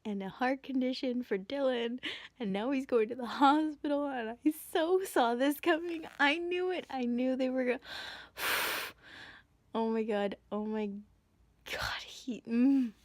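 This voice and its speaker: Gushing about the book she's reading, a young woman chats in a casual vlog filmed on a bus, at home and in a staff room, emotional and frequently breathless. She has a high voice and a measured pace, with no room sound.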